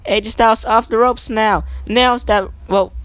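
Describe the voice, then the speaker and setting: A woman giving eager play-by-play wrestling commentary over a video game, climbing high in pitch as she counts pins, with chatty asides. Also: measured pace, dry recording. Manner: excitable, rising sharply on pin counts, chatty asides. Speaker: gaming channel host.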